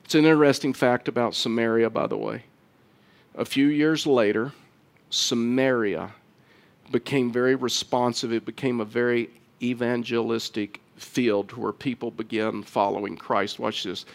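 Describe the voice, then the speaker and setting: Male pastor, mid-pitched voice, earnest sermon delivery with restarts. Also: steady tone, gravelly. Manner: earnest preaching, stumbling restarts, rises louder and quicker near the close.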